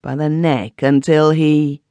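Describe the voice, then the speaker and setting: A man voicing Smith, a kindly, excitable villager. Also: fairly high pitch, no echo, voice pushed up. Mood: earnest. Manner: gossipy, quick to burst into feeling. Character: kindly, emotional middle-aged villager Smith. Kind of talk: audiobook character voice.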